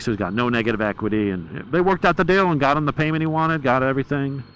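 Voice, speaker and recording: A man's voice: medium pitch, fast talker, rough recording. A man, a motorcycle vlogger, chatting bluntly and profanely with rambling stories while riding outdoors on a helmet mic. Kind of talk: casual chat while riding. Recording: loud wind and road noise.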